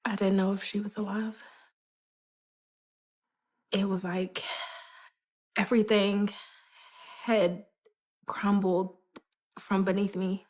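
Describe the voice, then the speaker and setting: A young woman recounting events in a measured, earnest way as an interviewee in a true crime documentary. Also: medium pitch, level tone, a little mellow. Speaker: interviewee, victim's daughter.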